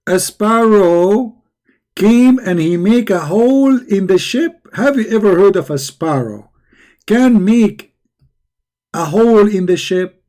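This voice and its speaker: Combative, mocking man with a mellow voice. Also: high-pitched, expressive, unhurried. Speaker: religious debate host. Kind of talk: live online debate commentary.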